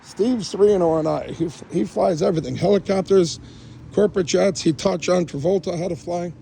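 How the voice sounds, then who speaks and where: A man's voice: high-pitched, fairly quick, gravelly, dark tone, slight background noise, low-quality recording. A man casually giving a rambling, joking tour of his cluttered space, talking straight to a friend.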